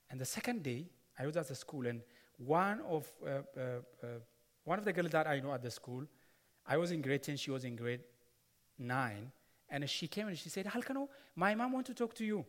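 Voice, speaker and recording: A man's voice: on the high side, lively intonation, moderate pace, long pauses. A man preaching a sermon, telling a personal story earnestly, repeating words and adding asides. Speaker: pastor. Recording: long hall reverb.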